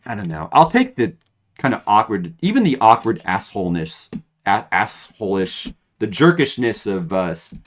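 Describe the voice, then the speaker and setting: Rambling man, lively pitch. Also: moderate pace, a little hiss or hum. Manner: rambling, hesitant with many restarts. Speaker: streamer. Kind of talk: casual gaming commentary.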